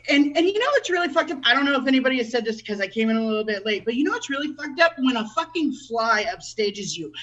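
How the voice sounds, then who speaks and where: A woman's voice: sits high, a bit bright, highs cut off. A woman doing a stand-up comedy set with crude, profane, self-deprecating stories about her life as a mom. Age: adult with a child. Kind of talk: stand-up set at an online open mic.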